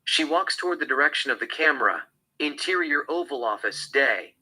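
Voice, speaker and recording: A man reads a screenplay's stage directions aloud in a flat, even delivery. His voice is sharp and bright, with a husky texture. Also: medium pitch, a little fast, rough recording. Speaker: script reader.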